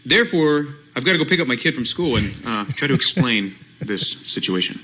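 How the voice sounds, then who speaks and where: A man's voice: medium pitch, big pitch swings, a little fast, bright, forceful tone, poor audio. A man sheepishly explaining a mix-up in a social media video.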